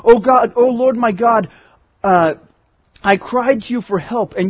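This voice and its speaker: A pastor with a high, slightly husky voice preaches in a casual, conversational way. He often restarts and repeats words as he goes. The recording is dull and dry. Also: unhurried, no echo. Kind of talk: sermon. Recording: muffled lo-fi sermon recording.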